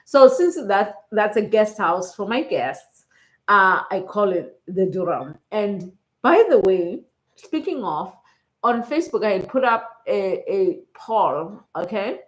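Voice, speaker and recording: A woman's voice: medium pitch, expressive, slow pace. South african lady vlogging, chatty and emotional, keeps saying okay?, roomy echoey room. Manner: chatty, often adds "okay?" to check in with viewers; emotional, close to tears. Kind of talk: casual personal storytelling. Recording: roomy echo.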